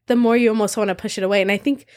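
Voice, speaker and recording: A woman in her twenties chatting casually, telling a story and acting out quotes with lively energy. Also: medium pitch, rapid-fire. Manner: animated storyteller, acts out quotes. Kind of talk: casual chat.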